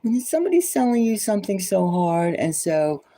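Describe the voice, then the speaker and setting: In a medium-pitched, sing-song voice with a warm tone, a woman reading tarot goes at a moderate pace through a fervent, sermon-like monologue. She keeps repeating urgent exhortations and now and then drops to a whisper, and the recording quality is low.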